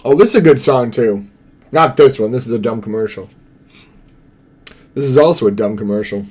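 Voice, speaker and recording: A man's voice: medium pitch, normal speed, a little mellow, breathy edge. A man chatting casually to viewers during a live stream, rambling and laughing easily. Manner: rambling, chatty, sings along and laughs often.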